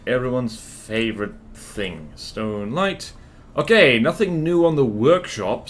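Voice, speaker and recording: Young male streamer, loose rambling delivery, greets chat, faint hiss under the mic. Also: mid-range voice. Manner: rambling, self-mocking, greets chat by name. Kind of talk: casual gaming livestream chat.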